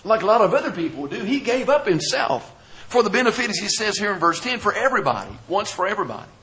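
Bright-voiced man preaching a sermon. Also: sits high, big pitch swings, quick pace, rough recording. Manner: preaching, reads scripture aloud, asks questions and answers them. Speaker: pastor.

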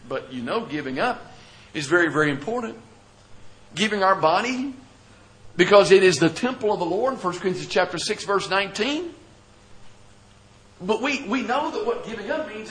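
A man's voice: high voice, animated, moderate pace, long pauses, fairly bright tone, slight background noise, low-quality recording. A man, the pastor, preaching a sermon, reading scripture aloud and asking the congregation questions he then answers.

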